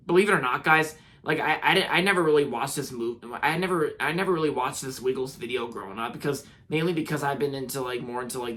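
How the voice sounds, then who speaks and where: A young American man talks through a video review in a loose, off-the-cuff way. His voice sits at an ordinary middle pitch. He keeps stopping and restarting his sentences and fills the gaps with lots of filler words. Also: bright, forceful tone. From United States. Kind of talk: casual spoken review.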